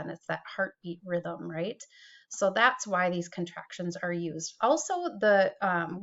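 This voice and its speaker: A middle-aged woman teaches through a recorded screen-share tutorial, chatting easily and poking fun at herself. Her voice sits at an ordinary pitch and comes through a computer mic. The recording sounds a little dull and lo-fi. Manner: chatty, self-deprecating, with small laughs.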